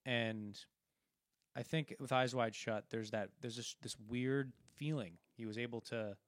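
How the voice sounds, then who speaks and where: A man's voice: mid-range voice, steady tone, measured pace, no room sound. A man co-hosting a film podcast, casually retelling movie scenes in a rambling way with many restarts. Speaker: podcast co-host.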